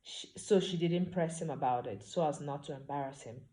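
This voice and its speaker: A woman author reading aloud from her own novel, calm and unhurried. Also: deep voice.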